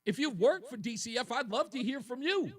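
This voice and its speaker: A man's voice: extremely high pitch, sing-song, brisk, a bit bright, far from the mic. A man hosting a talk radio show, delivering an indignant, emotional monologue that repeats points for emphasis.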